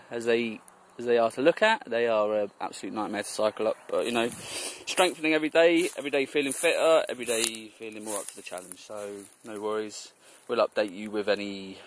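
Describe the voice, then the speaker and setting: A man's voice: medium pitch, poor audio. A young man chatting casually to a camera outdoors while on a cycling trip, rambling and laughing as he goes. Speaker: cycle tourer. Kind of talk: casual travel vlog. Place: outdoors on a mountain road.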